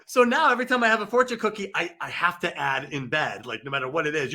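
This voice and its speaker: A man's voice: fairly high pitch, fast, few pauses, bright, forceful tone. A man appearing as a guest author on a podcast, talking movies in an enthusiastic, jokey way. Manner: enthusiastic, jokey, laughs often. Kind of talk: casual film discussion.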